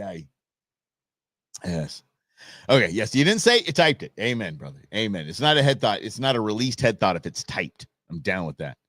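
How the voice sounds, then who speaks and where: Lively, low-voiced man hosting a livestream. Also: dry recording, studio quality. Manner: chatty, laughs often, reads chat comments aloud. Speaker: livestream host. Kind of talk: casual live-stream chat.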